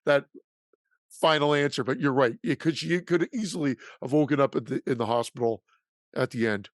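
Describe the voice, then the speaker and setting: A man's voice: medium pitch, normal speed, no room sound, studio quality. A man co-hosting a horror movie podcast in casual chat, rambling with restarts and laughing easily. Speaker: podcast co-host.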